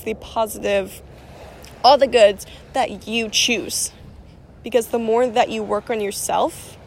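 A woman's voice: mid-range voice, a little hiss or hum. A young woman rambling casually about spiritual energy and self-healing, with lots of fillers and restarts.

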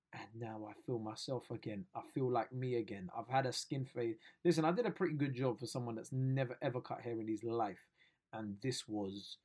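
Man, casual video diary, excitable, slangy, self-mocking. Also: mid-range voice. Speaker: comedian vlogger.

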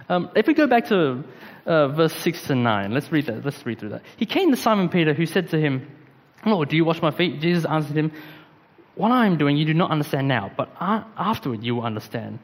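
A man delivers a sermon in a loose, conversational manner, dropping slang and fillers as he talks. His voice sits a little high for a man. The sound rings out with a long reverb, as in a large hall. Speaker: preacher. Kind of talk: casual sermon.

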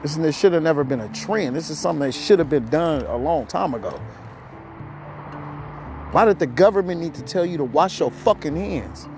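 A man's voice: fairly high pitch, lively intonation, normal speed, over music. A man hosting a podcast, ranting heatedly with lots of profanity and a rambling flow, somewhat out of breath. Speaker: podcast host. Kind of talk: ranting monologue.

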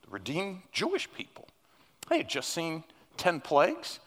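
Animated preacher in a reverberant church. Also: male voice, on the high side, measured pace. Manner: animated, rising to emphatic peaks. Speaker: guest preacher. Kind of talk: sermon. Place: church sanctuary. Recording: long hall reverb.

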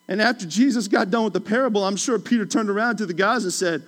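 A man with a high-pitched voice preaches a sermon in a conversational way. He repeats key phrases for emphasis and slips into playful voices when retelling a story. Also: moderate pace. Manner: animated, acts out playful voices of biblical figures. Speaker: pastor.

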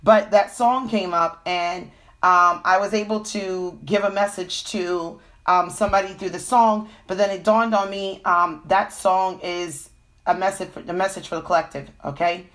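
A woman's voice: fairly low pitch, fairly even intonation, normal speed, fairly bright tone. A woman with a cold giving a casual live-stream tarot reading, full of fillers and "okay?" check-ins. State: has a cold. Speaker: tarot reader.

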